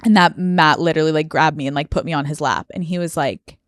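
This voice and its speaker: In her thirties, this American podcast host talks fast in a low, steady voice, with no room sound. It's a personal monologue, candid and emotional, full of fillers, and she's close to tears.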